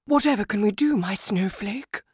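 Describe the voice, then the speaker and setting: A man doing a gushing, breathy doting mum. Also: high-pitched, lively intonation, normal speed, no echo, clean studio sound, pitched above the performer's own voice. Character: gushing doting mother, soppy.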